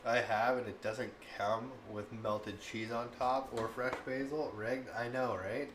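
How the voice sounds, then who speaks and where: Speaking at a measured pace in a mid-range voice, this man in his thirties chats and tells stories as a cooking streamer. He's animated and rambles, with plenty of laughter and lots of "like." The recording has echo and faint background noise.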